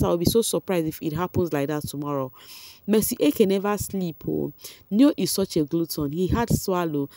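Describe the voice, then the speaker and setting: Excitable Nigerian woman with a mellow voice. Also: lowish voice, no echo. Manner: excitable, laughs often, talks straight to viewers. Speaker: reality show commentator. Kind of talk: casual reality TV commentary.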